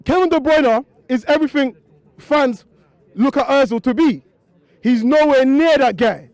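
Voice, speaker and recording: A man's voice: very high-pitched, a little slow, a little mellow, dry recording. A man, a football fan, bluntly criticising players to camera. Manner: blunt, cutting, dismissive. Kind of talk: angry fan rant to camera.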